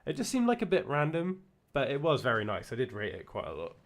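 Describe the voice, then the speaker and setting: A man's voice: mid-range voice, wildly swooping pitch, quick pace. A young man with a British accent chatting casually while streaming a game, rambling with lots of restarts and self-corrections. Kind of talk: casual chat while gaming.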